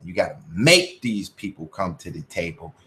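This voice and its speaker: A man's voice: deep voice, very animated, normal speed, bright, forceful tone. A man hosting a casual commentary livestream, talking in a profane, preachy, motivational way. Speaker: channel host.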